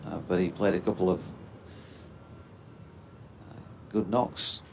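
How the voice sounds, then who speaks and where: A man giving relaxed, chatty live cricket commentary with dry quips. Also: low voice, slow pace, slight background noise.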